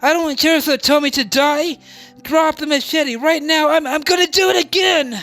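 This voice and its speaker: Woman playing a grimly calm, stubborn young guy, low and measured, for a game dub. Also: soft background music. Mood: firm.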